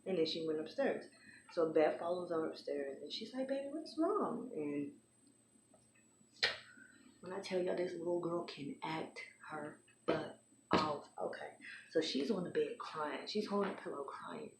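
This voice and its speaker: Low-voiced woman recapping a show. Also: a little slow. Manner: chatty, retells scenes in acted voices. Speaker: TV show reviewer. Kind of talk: casual recap and review. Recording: echoey room with background noise.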